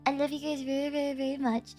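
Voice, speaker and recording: A woman's voice: high-pitched, flat delivery, fast, darkish tone, soft background music. A woman streamer chatting casually with her viewers, playful and teasing, often giggling.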